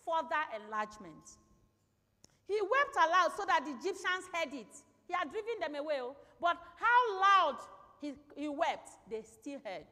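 A woman with a high voice delivers a sermon, repeating her key lines for emphasis. She keeps turning to the congregation with questions. The sound carries a long reverb from a large hall. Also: bright, forceful tone. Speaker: preacher.

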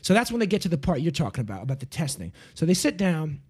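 Husky, high-voiced man, rapid and profane, animated storyteller. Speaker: podcast co-host. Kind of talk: casual chat, storytelling.

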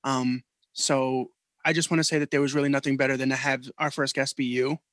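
A man co-hosting a podcast, telling a story in a profane, animated way. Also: mid-range voice, a little fast, no echo. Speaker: podcast co-host. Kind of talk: casual chat.

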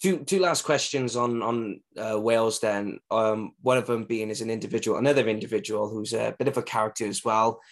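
A man hosting a casual interview, asking questions and telling an animated anecdote. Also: fairly low pitch, brisk, hardly any pauses. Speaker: interviewer, host.

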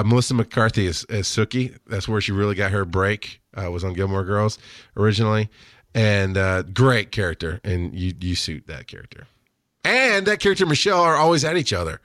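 A man's voice: fairly low pitch, fairly bright tone, no room sound, clean studio sound. A man hosting a podcast, joking and laughing between topics as he introduces his co-hosts. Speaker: podcast host. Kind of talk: casual podcast banter.

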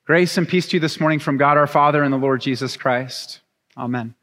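A young adult man preaching a sermon, reading scripture and then telling a chatty, animated story with laughs. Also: fairly high pitch, brisk. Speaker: pastor. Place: church sanctuary. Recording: long reverb of a church hall.

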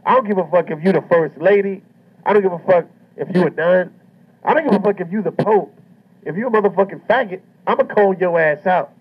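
A man's voice: sits high, a little fast, husky. Brash, profane stand-up comedian man. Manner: brash, profane, loud and swaggering. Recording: muffled lo-fi recording.

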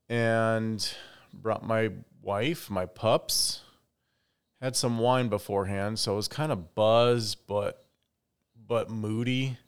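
Young male podcast host, casual solo talk, smooth clear voice, mid pitch, opinionated. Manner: chatty, opinionated, animated asides.

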